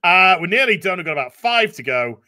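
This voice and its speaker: A man's voice: high voice, sing-song, brisk, sharp tone. A man co-hosting a live stream, reading super chats aloud in a casual, profane, laughing way.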